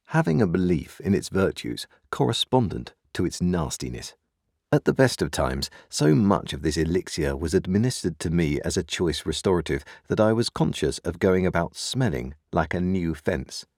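A man with a very low voice narrates a classic novel with lively, expressive inflection. The recording is dry and close, with no room sound. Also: no room sound. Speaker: audiobook narrator. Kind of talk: scripted narration.

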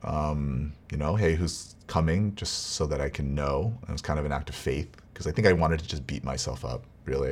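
A man telling a personal family story in a casual, rambling, earnest way. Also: a bass voice. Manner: rambling, earnest, with restarts and quiet laughs. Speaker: vlogger, father.

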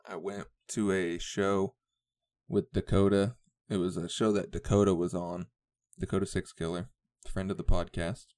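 Deep and darkish, this young man's voice carries a casual solo podcast. As host, he rambles along, swears, and laughs frequently.

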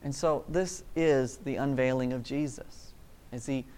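A man preaching a casual, energetic sermon in a rambling, self-amused way. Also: mid-range voice, a little slow, clean tone. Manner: energetic, rambling, laughs at himself.

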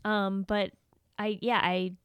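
Woman cohost, smooth clear voice a bit high, dry sound, giggly. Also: level tone, slow pace, fairly bright tone, dry recording. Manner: giggly, upbeat. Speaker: podcast co-host. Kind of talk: casual chat.

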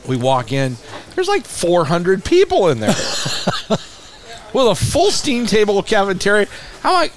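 A man who runs a museum, a podcast guest telling a lively story in a casual way, acting out what people said and laughing often. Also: sits high, unhurried, long pauses. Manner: animated, acts out dialogue, laughs often.

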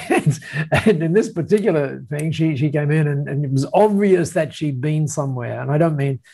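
A man's voice: fairly high pitch, normal speed, creaky, warm tone. An Australian man telling a story as an interview guest, in a rambling way with many restarts and tag questions. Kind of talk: casual storytelling.

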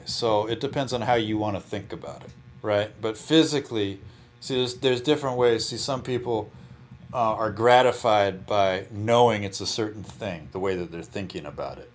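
Here a guitarist with a lowish voice explains how he practices, speaking at normal speed in a relaxed interview. Restarts and repeated "you know"s mark his loose delivery.

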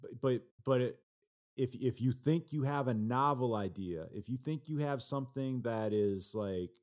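A man's voice: mid-range voice, moderate pace. Laid-back man musing as a podcast guest. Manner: relaxed, hesitant, many fillers and restarts. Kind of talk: casual podcast chat.

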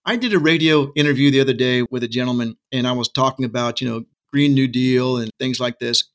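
Speaking fairly quickly in a medium-pitched, fairly bright voice, a middle-aged Texas man makes his case with passion as an interview guest, full of asides and rhetorical questions. The talk is casual, interview-style.

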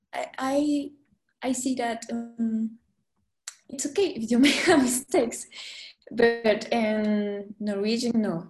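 A woman with a Spanish accent, a Spanish teacher speaking English as a second language as a podcast guest, halting and searching for words with many fillers. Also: a little high, a little mellow. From Guatemala. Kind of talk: casual interview chat. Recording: echoey room.

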